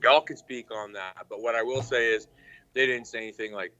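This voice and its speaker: A man's voice: lowish voice, a little fast, pushed and bright, dry recording, lo-fi sound. A man calling into a casual show, talking in a defensive, rambling way with heavy swearing. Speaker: caller. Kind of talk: casual call-in chat.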